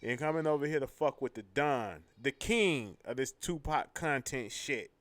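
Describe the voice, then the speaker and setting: A man's voice: medium pitch, lively intonation, moderate pace, fairly bright tone, no room sound. A man hosting a live talk show, brash and profane, trash-talking and boasting. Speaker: host.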